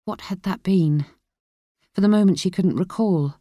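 An audiobook narrator reading a thriller in a steady, measured way. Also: mid-range voice, dry recording, studio quality. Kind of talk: scripted narration.

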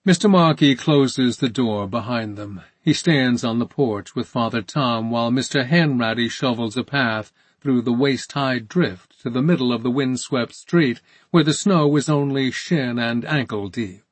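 Male audiobook narrator, slow and measured, husky. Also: mid-range voice, no room sound. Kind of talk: scripted narration.

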